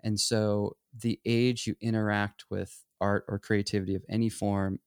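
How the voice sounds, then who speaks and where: A middle-aged man with a low, gravelly voice chats casually about creativity. He muses and wanders through restarts and acts out quoted voices. The sound is dry and close. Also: little pitch movement, normal speed, no room sound. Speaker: photography teacher. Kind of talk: casual conversation.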